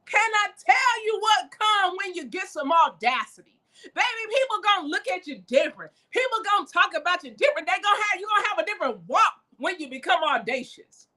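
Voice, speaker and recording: High, bright-voiced woman preaching hard. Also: big pitch swings, fairly quick. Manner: emphatic, calls listeners baby, swings between shouting and hushed. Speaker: motivational speaker. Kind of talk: preacherly motivational talk.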